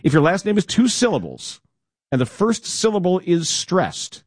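A man co-hosting a casual sports talk show, reading a column aloud with playful, animated emphasis. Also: high-pitched, normal speed, husky, no room sound, studio quality. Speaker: radio co-host.

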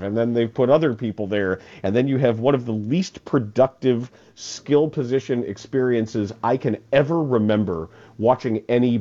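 A man's voice: medium pitch, dark tone, dull audio. A man hosting a casual sports talk radio show, rambling and repeating words as he laughs his way through listener texts.

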